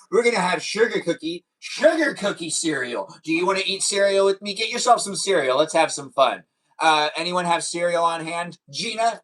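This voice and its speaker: A man's voice: high voice, fairly bright tone, far from the mic, low-quality recording. A young man hosting a casual livestream, rambling with many fillers and restarts. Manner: rambling, hesitant, lots of fillers. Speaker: livestream host.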